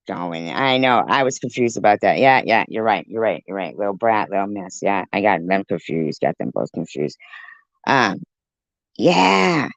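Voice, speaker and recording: A woman's voice: a bass voice, sing-song, moderate pace, gravelly, dry recording. A woman livestreaming a heated, profane rant, snapping back at people in her chat. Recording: dull lo-fi stream audio.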